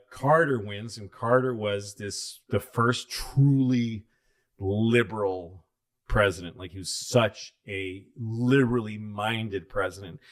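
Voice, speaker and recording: A comedian in his fifties, telling rambling, profane stories in casual chat. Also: on the low side.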